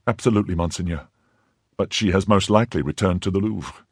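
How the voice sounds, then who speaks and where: A man's voice: deep voice, a little fast, slightly rough, dry recording, clean studio sound. A man voicing a timid middle-aged mercer who answers anxiously and deferentially, crying out in alarm when frightened. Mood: nervous deference.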